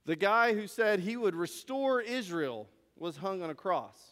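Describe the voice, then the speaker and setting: Male preacher, high voice, narrative sermon with repeated phrases; long church reverb. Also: big pitch swings, a little slow, fairly bright tone. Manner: storytelling, rhetorical questions, repeats phrases.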